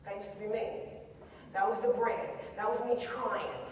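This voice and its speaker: A woman giving an impassioned motivational talk on stage, emphatic and swinging between loud and quiet. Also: mid-range voice, level tone, normal speed, slight background noise. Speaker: motivational speaker. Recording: echoey hall, distant mic.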